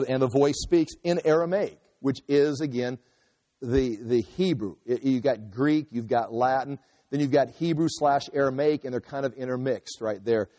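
A man's voice: medium pitch, mellow. A man giving a conversational verse-by-verse Bible teaching, explaining as he goes and acting out quotes. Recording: long hall reverb.

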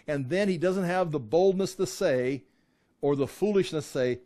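A man leads a Bible study, reading verses and then explaining them in a relaxed conversational way. His voice sits a bit high for a man, and he often breaks off and restarts his sentences as he goes. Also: moderate pace.

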